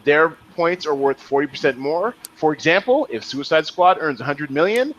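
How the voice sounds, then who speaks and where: A man's voice: a little high, animated, normal speed, fairly bright tone, muffled recording, slight background noise. A man hosting a podcast in casual chat, joking around and laughing often. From Las Vegas area. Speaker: podcast host.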